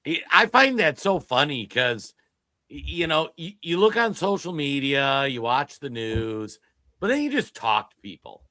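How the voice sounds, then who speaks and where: A man's voice: on the high side, very animated, a little slow, bright, forceful tone, no room sound. Rambling man, dry close sound. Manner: rambling storyteller with many restarts. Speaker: podcast co-host. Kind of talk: political talk show.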